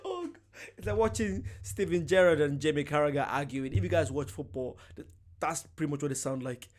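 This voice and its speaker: A man hosting a reaction video, chatting casually in an excitable way and laughing often. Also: on the high side, fairly quick.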